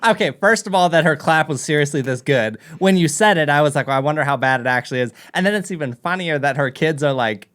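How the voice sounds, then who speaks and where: A man's voice: on the high side, lively intonation, fast, hardly any pauses, a bit bright. A man co-hosting a podcast, chatting casually and teasing his co-host. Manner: playful, teasing reactions. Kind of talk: casual chat.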